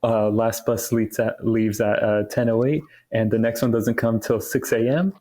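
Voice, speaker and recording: A man's voice: mid-range voice, fairly even intonation, moderate pace, mellow, slight background noise. A young man co-hosting a podcast, telling a rambling story in casual chat with many restarts. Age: young adult. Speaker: podcast co-host.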